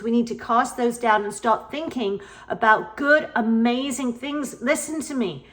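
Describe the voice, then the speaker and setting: A woman's voice: fairly high pitch, a little slow, hardly any pauses, a bit bright. A middle-aged woman vlogger telling an earnest personal story in a casual, emphatic way, repeating phrases for emphasis. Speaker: spiritual vlogger.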